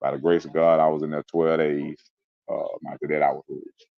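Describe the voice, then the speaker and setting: With a creaky bass voice and a level tone, a man speaks a little fast while recounting a personal story as an interview guest. It's a casual chat, but his delivery is intense and emphatic, with sounds mimicked here and there. Dry, lo-fi recording.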